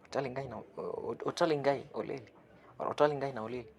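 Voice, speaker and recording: A man giving an online language lesson, saying phrases slowly, repeating them and translating each one, with a chuckle now and then. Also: medium pitch, fairly even intonation, vocal fry. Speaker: language teacher.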